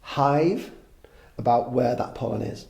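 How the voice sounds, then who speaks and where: A man's voice: mid-range voice, slow pace, gravelly, darkish tone. A man in his fifties, a podcast guest, chatting casually in a rambling way, swearing freely and making fun of himself. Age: 50s. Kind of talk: casual conversation.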